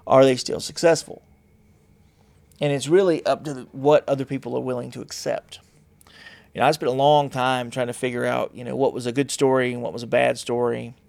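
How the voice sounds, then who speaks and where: Gravelly man rambling in a blunt monologue. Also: medium pitch, level tone, brisk, a little mellow, no room sound. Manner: rambling, blunt, self-mocking. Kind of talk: casual monologue.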